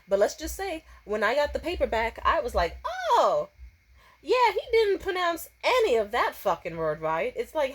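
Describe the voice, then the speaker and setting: A young woman telling a story in a casual, profane rant, animated and quick to slip into exaggerated voices when she quotes people. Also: on the high side, breathy edge. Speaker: storytime vlogger.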